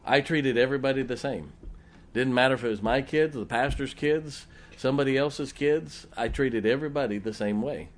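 A man's voice: mid-range voice, normal speed. A middle-aged man preaching a sermon, telling folksy personal stories and putting rhetorical questions to the congregation.

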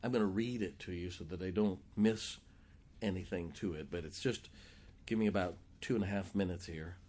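Animated storytelling man preaching. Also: low voice, moderate pace. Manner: animated, jokey storyteller who acts out quotes. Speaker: pastor. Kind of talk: sermon storytelling.

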